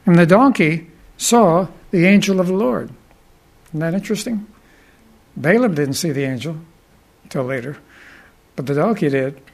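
A male preacher telling a Bible story in a sermon, speaking deliberately and pausing for musing asides. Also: on the high side, animated. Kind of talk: sermon retelling Bible stories.

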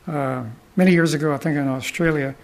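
A man with a slightly high, gravelly voice tells rambling, folksy stories. He pauses often and restarts his sentences, keeping an easy storytelling pace. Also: steady tone. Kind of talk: anecdotal storytelling talk.

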